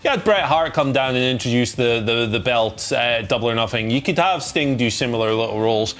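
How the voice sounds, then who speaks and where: Male co-host, middle pitch, easygoing chat with frequent fillers. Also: a little fast. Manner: relaxed, agreeable, lots of fillers like "like" and "um". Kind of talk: casual news chat.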